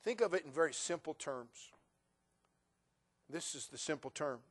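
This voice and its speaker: A middle-aged male pastor preaching a sermon, moving from folksy storytelling to loud, emphatic preaching. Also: on the high side, expressive, normal speed, slightly rough.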